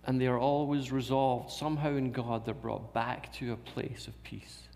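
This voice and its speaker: A man's voice: medium pitch, steady tone, normal speed, vocal fry, a little mellow. A man preaching a sermon in a church, repeating key phrases and asking rhetorical questions. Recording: long reverb of a large hall.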